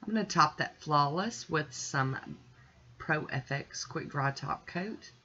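A woman's voice: low-pitched, slow pace, muffled recording, slight background noise. Chatty woman narrating a nail tutorial. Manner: chatty, relaxed step-by-step explaining. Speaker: nail art channel host.

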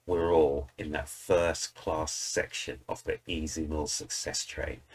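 A man's voice: a bass voice, husky. A British man hosting a music reaction video, chatting enthusiastically and talking straight to his viewers. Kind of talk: casual reaction commentary.

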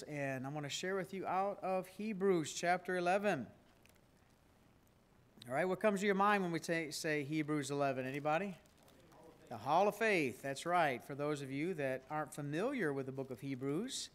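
A man who is a pastor, leading a prayer and then preaching to his congregation, asking them questions and stressing key words. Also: a little high. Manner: prays softly, then preaches with rising emphasis and questions to the congregation. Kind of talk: sermon. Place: church sanctuary.

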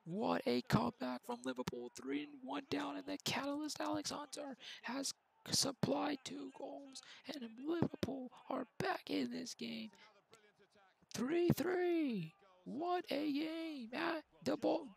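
Gravelly young man doing game commentary. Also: extremely high pitch, slow, low-quality recording. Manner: mock play-by-play commentary, excitable on goals. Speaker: gaming YouTuber. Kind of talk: gameplay commentary.

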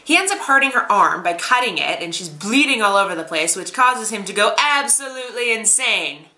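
A woman's voice: mid-range voice, animated, a little fast, pushed and bright. A woman recapping an anime episode as a reviewer, chatty and sarcastic. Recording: roomy echo.

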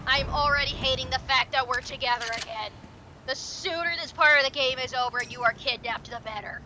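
A young woman giving excitable let's play commentary, swearing and shrieking at the game. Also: sits high, brisk, background noise. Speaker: gaming video creator.

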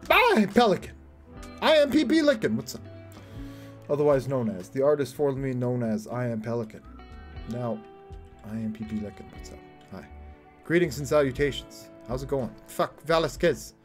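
A man's voice: mid-range voice, normal speed, pauses often, darkish tone, soft background music. A young man streaming a game, chatting crudely and jokily with his viewers. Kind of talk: casual live-stream chat while playing.

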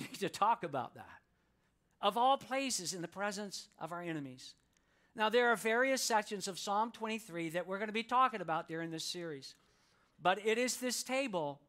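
A man preaching a sermon to a church congregation, inviting them to read scripture aloud with him and slowing down to read it. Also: high voice, a bit bright. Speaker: pastor. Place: church sanctuary.

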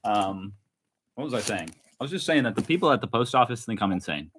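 A man's voice: medium pitch, animated, a little fast, a bit bright, a little hiss or hum. A man hosting a casual unboxing vlog, chatting and laughing often as he opens parcels. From United States. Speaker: vlog host. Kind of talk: casual chat while unboxing.

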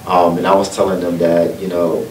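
A man's voice: low voice, little pitch movement, normal speed. A man from North Carolina with a Southern accent, telling folksy personal stories that turn motivational at a book event. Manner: folksy, earnest, building to uplifting points. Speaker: guest speaker at a book event. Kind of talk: personal storytelling and motivational talk. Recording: echoey room from far off, noisy.

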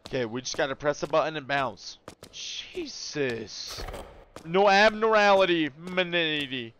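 A young man giving casual, profane commentary while playing a horror game, yelping and shouting when something startles him. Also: fairly high pitch, animated, a little slow, slight background noise. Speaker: gaming video creator.

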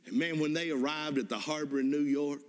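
A man's voice: a little high, fairly quick. Fervent male preacher in a reverberant church. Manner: fervent, with emphatic repeated exhortations. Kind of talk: sermon storytelling and prayer. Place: church sanctuary. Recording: long reverb of a church hall.

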